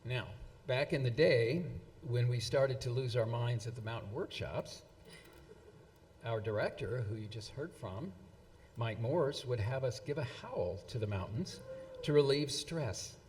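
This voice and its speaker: Halting man presenting in a hall. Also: medium pitch, animated, a little mellow, a little hiss or hum. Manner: halting, many fillers and restarts, reading out quotes. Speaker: event presenter. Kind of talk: speech at a live anniversary event. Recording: long hall reverb.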